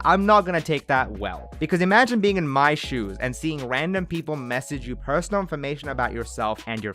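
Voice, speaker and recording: A young man narrating his own vlog in a jokey, animated way, his pitch swinging widely. Faint music plays under his voice. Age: young adult. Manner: animated and jokey, with dramatic outbursts. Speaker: YouTuber.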